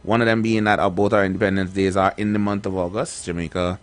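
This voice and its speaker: A radio co-host from Trinidad and Tobago talks fast in a low, flat voice during a casual on-air chat. He rambles chattily and repeats words often.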